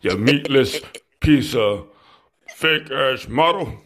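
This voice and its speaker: A man's voice: mid-range voice, animated, slow pace, a bit bright. A man in casual chat, out of breath, boasting and firing off trash talk at the others.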